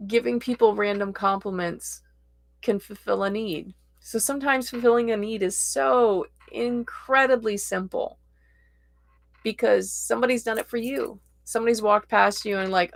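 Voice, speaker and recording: A woman hosting a casual tarot livestream, chatting in a slow, gently encouraging way and reading viewer comments aloud. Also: medium pitch, steady tone, gravelly, dry recording.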